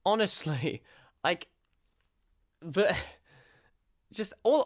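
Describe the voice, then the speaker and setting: A man hosting a casual reaction video, talking in an excitable, rambling way. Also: a little high, normal speed, clear, resonant tone.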